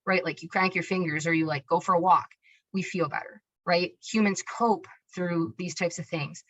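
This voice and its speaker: A woman's voice: lowish voice, fairly bright tone, husky. A woman giving an informal presentation about child behavior, talking conversationally and often checking in with "right?" and "you know". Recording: dull lo-fi recording.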